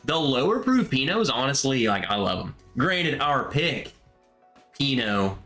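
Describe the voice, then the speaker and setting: A man chats loosely on a livestream, joking and cutting in on his co-host. His voice sits at an ordinary middle pitch. Faint music plays behind him. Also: sing-song, measured pace, bright, forceful tone. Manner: joking, talks over his co-host, reads chat aloud. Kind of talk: casual livestream chat.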